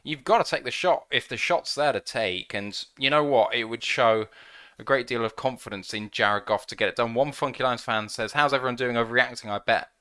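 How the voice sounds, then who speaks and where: An excitable man hosting a live fan stream, calling the action play by play. His voice is smooth and resonant, sitting at an ordinary middle pitch, and he jumps to shouting when the defense makes a stop. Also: brisk. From United Kingdom. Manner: excitable, shouts at big plays. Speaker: fan podcast host. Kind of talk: live game watch-along commentary.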